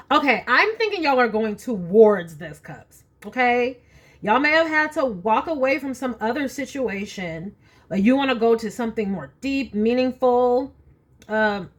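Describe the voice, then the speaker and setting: Chatty tarot-reading woman, higher voice. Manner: chatty, thinking aloud while shuffling and drawing cards. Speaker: tarot reader. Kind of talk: casual card-reading chat. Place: home.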